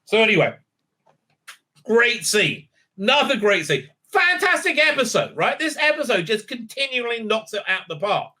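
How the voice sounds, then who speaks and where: A high-sitting, very animated male voice with a sharp tone moves at normal speed. He's a TV reviewer rambling through a casual spoiler recap of an episode, full of fillers and repeated "right?"s, with enthusiastic praise breaking through.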